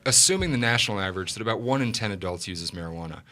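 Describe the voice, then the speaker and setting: A man talks fast and eagerly as a guest on a radio talk show, walking through the numbers. His voice is bright and forceful, and it sits on the low side. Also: lively intonation.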